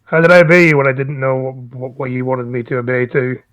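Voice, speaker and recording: A man's voice: mid-range voice, quick pace, fairly bright tone, dry recording, low-quality recording. A man with a Scottish accent making wry, dry-humored remarks in a casual stream chat.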